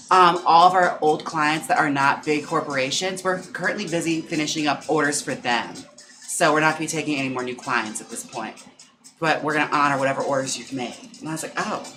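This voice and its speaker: A man's voice: a little high, background noise. A man from Wisconsin who performs in drag, chatting on a casual home livestream, campy and dramatic with sudden gasps and sassy asides. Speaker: drag queen and wig stylist streaming live.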